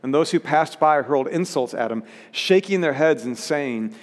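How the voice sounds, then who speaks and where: A man's voice: a little high, lively intonation, moderate pace, hardly any pauses, in a large hall. A pastor preaching a sermon in an earnest way, rising to emphatic peaks as he reads scripture.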